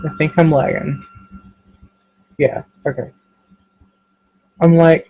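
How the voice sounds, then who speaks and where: A man talking in an earnest, halting, emotional way in a confessional vlog monologue, speaking to a webcam. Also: fairly high pitch, fairly even intonation, dark tone, low-quality recording. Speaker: vlogger.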